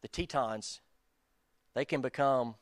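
A man's voice: medium pitch, takes it slowly, no echo. Dry-voiced casual male preacher. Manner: casual, self-deprecating, addresses listeners as guys. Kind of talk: conversational sermon.

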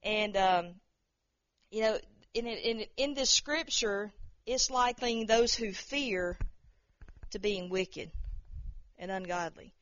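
A woman's voice: mid-range voice, slow pace, pauses often, fairly bright tone, no echo, lo-fi sound. A woman giving an informal spoken testimony, rambling and repeating words, acting out the voices of people she quotes. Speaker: speaker sharing a testimony.

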